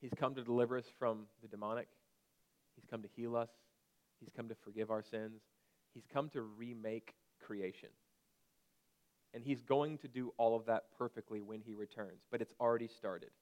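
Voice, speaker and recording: A man in his thirties preaching a conversational sermon and at times breaking into sharp shouted commands. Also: medium pitch, fairly even intonation, moderate pace. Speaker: pastor.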